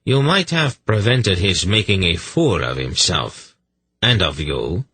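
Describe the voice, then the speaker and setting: Guy narrating as a calm deadly hierarch, slow cold mockery, really husky and dry. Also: deep voice, dry recording, heavily acted. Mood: coldly mocking. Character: menacing older male sorcerer-priest hierarch. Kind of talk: audiobook character reading.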